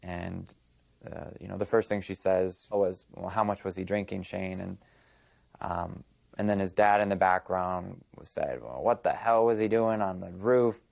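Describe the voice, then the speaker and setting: Young man, low voice, halting, soft-spoken, documentary interview. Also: fairly even intonation, vocal fry, dry recording.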